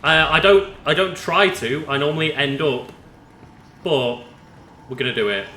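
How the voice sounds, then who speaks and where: A man playing along in a let's play, relaxed and hedging as he explains how he usually plays. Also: a little high, normal speed, slight background noise. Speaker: co-player. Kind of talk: casual gameplay commentary. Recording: echoey room.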